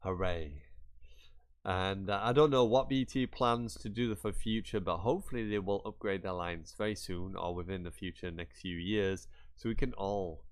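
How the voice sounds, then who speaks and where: A man's voice: on the low side, steady tone, moderate pace, hardly any pauses. A man with a chatty, rambling delivery, talking viewers through a website in a screen-share tutorial, with mock-exasperated asides. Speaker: YouTuber.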